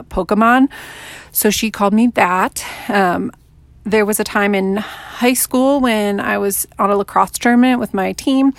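A woman in her thirties hosts her own podcast and speaks candidly and conversationally, leaning on filler words. Her voice has a gravelly fry at a middling pitch. The recording is dry and close. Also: dry recording. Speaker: podcast host. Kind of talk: personal podcast monologue.

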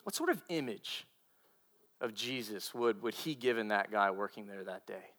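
A man's voice: on the low side, lively intonation, moderate pace, fairly bright tone. A male pastor preaching a sermon and telling a story earnestly, often repeating himself and restarting phrases.

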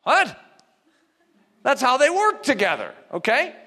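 Male preacher, animated and emphatic, sharp bright tone, long hall reverb. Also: extremely high pitch, a little slow. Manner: animated, emphatic, conversational teaching. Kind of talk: sermon.

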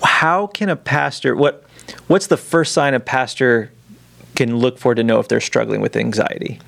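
Podcast cohost guy, gravelly voice, brisk upbeat outro read. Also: medium pitch, steady tone, fairly bright tone. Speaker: podcast co-host. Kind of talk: interview hosting and show outro.

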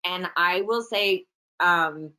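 Chatty, animated woman storyteller. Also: lowish voice, clear, resonant tone, rough recording. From Canada. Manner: animated, chatty, quick asides. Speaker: actress, guest. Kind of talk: casual interview storytelling.

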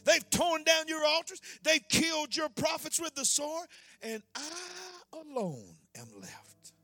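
Preacher doing a sulking, self-pitying prophet. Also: male voice, extremely high pitch, big pitch swings, slow, bright, forceful tone, soft background music, voice pushed up, full character voice. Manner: complaining, then boastful and self-important. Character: weary self-pitying male prophet hiding in a cave. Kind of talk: sermon illustration.

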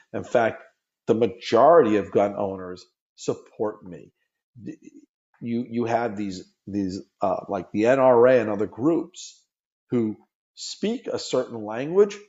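Emphatic man with a dark, dull sound. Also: mid-range voice. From United States. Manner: earnest, emphatic, repeats words when pressing a point. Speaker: gun safety activist guest. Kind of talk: impassioned interview talk.

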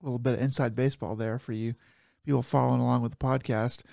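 A man's voice: medium pitch, flat delivery, fast talker, vocal fry, mellow, no room sound. A man co-hosting a casual podcast over a call, talking in a mid-range voice. He is chatty, laughs easily and gets heated. The sound is dry and close. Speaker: podcast co-host. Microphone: remote call mic.

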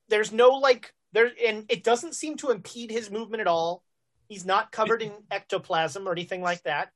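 A woman runs a tabletop game, narrating scenes in a loose, chatty way. She stumbles through fillers and self-corrections as she goes, and her voice sits at an ordinary middle pitch. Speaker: game master.

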